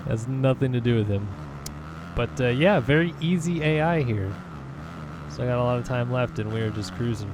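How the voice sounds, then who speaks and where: A man from California giving relaxed, chatty commentary over his racing game, thinking aloud with lots of fillers. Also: medium pitch, normal speed, noisy background. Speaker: gaming channel host. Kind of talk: casual gameplay commentary.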